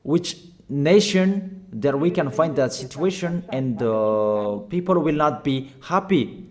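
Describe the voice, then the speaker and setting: A man preaching a sermon in halting, non-fluent English, urging his listeners with short, repeated calls. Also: a little high, lively intonation, a little mellow. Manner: emphatic, repetitive exhortation in non-fluent English.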